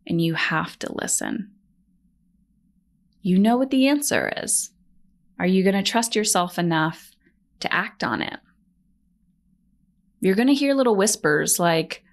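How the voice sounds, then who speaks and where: A woman's voice: on the high side, measured pace, pauses often. A middle-aged woman hosting her own podcast as a coach, talking bluntly with lots of emphatic repetition and casual swearing. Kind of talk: motivational solo podcast talk.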